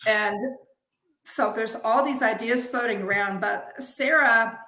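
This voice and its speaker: A woman's voice: a little high, takes it slowly, a crowd in the background. A woman chatting as an interview guest, enthusiastic and full of praise for her coworkers. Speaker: guest, zine head witch. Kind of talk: casual interview chat. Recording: echoey room.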